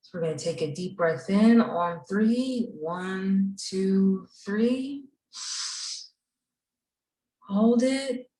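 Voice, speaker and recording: A woman leading a gentle guided breathing and mindfulness exercise for a group of children at a camp. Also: medium pitch, a little hiss or hum. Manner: slow, gentle, soothing guidance. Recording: echoey room, voice from far off.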